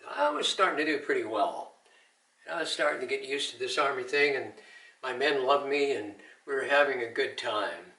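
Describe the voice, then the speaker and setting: A man's voice: medium pitch, lively intonation, moderate pace, bright, forceful tone, reverberant, recorded from a distance, rough recording. An older man, an Army veteran, giving an earnest personal testimony with Christian encouragement. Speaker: Army veteran telling his story.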